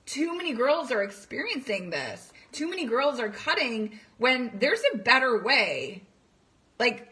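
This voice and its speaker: A woman's voice: fairly high pitch, bright, forceful tone, rough recording. A woman coach talking straight to parents, emphatic and repetitive, firing off rhetorical questions. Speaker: coach for teen girls. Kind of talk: direct-to-camera talk to parents.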